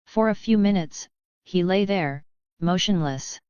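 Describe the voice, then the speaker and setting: Woman, audiobook narration, low voice, smooth, dry close sound, dull lo-fi recording. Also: unhurried, a little mellow, dry recording.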